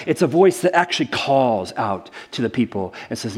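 A man's voice: medium pitch, moderate pace, hardly any pauses, slightly rough. Conversational male pastor preaching. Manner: conversational, animated, addresses listeners as guys. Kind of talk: sermon.

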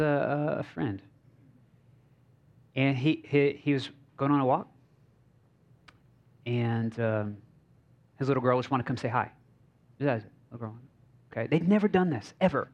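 A man preaching a relaxed, story-driven sermon at a mid-range pitch. He speaks informally, circling back with fillers and restarts. The recording is slightly dull and lo-fi. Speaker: pastor. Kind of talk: conversational sermon.

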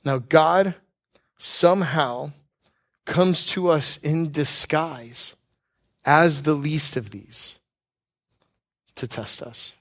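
A man preaching a conversational sermon, telling personal stories with earnestness and light humor, slowing down to stress key points. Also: fairly high pitch, fairly bright tone. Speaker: pastor.

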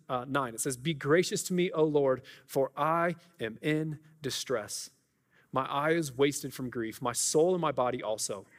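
A male pastor gives a conversational, earnest sermon, often circling back and restarting his sentences. His voice sits somewhat high for a man. The sound rings with the long reverb of a church auditorium.

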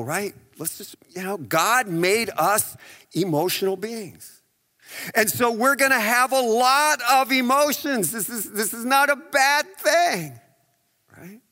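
A man's voice: a little high, pushed and bright, long reverb tail. A male pastor giving a conversational sermon, asking the audience rhetorical questions and acting out what people say. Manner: conversational preaching with rhetorical questions and acted-out quotes.

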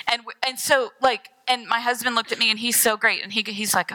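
Guest speaker, woman, middle-aged; higher, bright tone, self-deprecating storyteller. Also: steady tone, brisk, hardly any pauses, no echo, low-quality recording. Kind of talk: conversational sermon with personal stories.

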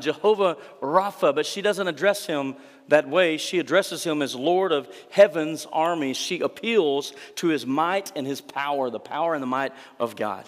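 A man's voice: mid-range voice, in a large hall. A male pastor preaching an earnest sermon, voicing the quoted scripture lines as he tells the story.

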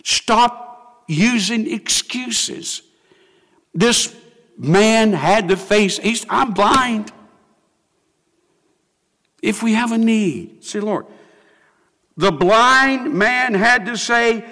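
An older man preaches, his voice riding high and swinging widely as he acts out the prayers of his flock. A long reverb from the church sanctuary trails after every phrase. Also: expressive, drawn-out words, pauses often, pushed and bright. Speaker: pastor. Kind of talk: sermon.

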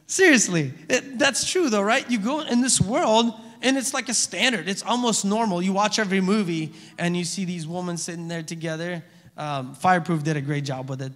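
A man's voice: sits high, normal speed, fairly bright tone. A pastor giving a conversational sermon, often checking in with his listeners by asking "amen?" and "okay?". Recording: reverberant hall.

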